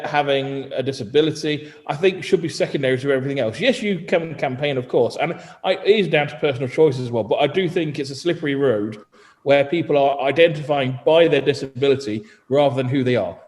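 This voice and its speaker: Animated man, long reverb. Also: on the high side, brisk. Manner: animated storytelling, mimics other people. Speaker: journalist and co-host. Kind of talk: casual podcast chat.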